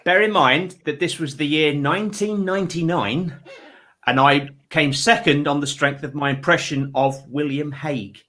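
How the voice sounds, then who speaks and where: A man's voice: on the high side, moderate pace, sharp tone, slight background noise. A man in his thirties hosting a comedy panel show, rambling and self-deprecating with stumbling restarts. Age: 30s.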